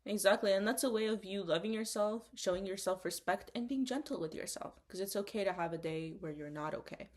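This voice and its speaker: A woman's voice: mid-range voice, a little fast, few pauses. A young woman co-hosting a casual podcast chat, talking in an earnest, encouraging way. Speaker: podcast co-host.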